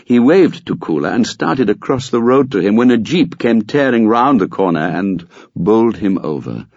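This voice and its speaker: Male audiobook narrator, very deep, gravelly, lively intonation, dry, dull lo-fi recording. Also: moderate pace, no echo. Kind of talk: scripted narration.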